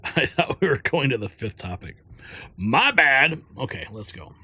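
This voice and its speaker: Bright-voiced joking male news host. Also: mid-range voice, very animated, a little slow, breathy edge, dry recording. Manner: joking, chatty asides. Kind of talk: casual political commentary.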